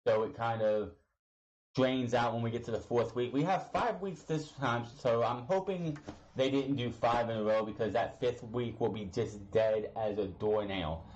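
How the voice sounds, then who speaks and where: A man's voice: medium pitch, normal speed, darkish tone, muffled recording. Casual male wrestling recap host. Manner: rambling, retells promos with quoted lines. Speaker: wrestling show reviewer.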